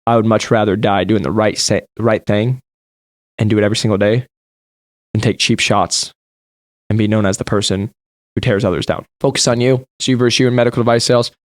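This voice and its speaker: Fast-talking, emphatic male sales coach. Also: fairly low pitch, fairly even intonation, no echo, clean studio sound. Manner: emphatic, direct, addresses listeners as you guys. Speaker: podcast host and sales coach. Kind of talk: motivational monologue.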